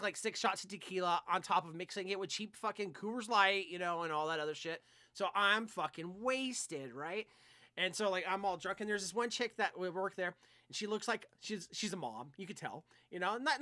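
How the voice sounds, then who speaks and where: A man's voice: high-pitched, no room sound, studio quality. A young man co-hosting a podcast, telling a rambling, profane story in casual chat. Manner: profane, animated, rambling anecdotes. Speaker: podcast co-host.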